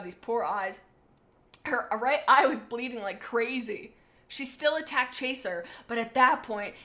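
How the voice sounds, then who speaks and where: A woman's voice: a little high, sharp tone. A woman reading fan fiction aloud as host, with goofy, playfully sarcastic asides. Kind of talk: comedic reading with commentary.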